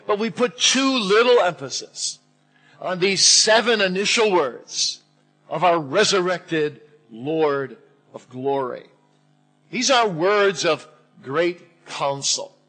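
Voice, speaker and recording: A male pastor delivers a sermon in a church with a bright, forceful tone and a slightly raised pitch. He speaks deliberately, lifting his voice to stress key phrases. A husky grain runs through his delivery. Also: low-quality recording.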